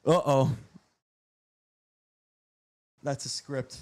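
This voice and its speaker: A man's voice: mid-range voice, fairly even intonation, drawn-out words, a little mellow. A man co-hosting a casual hockey chat while watching a live game, teasing his co-host and laughing often.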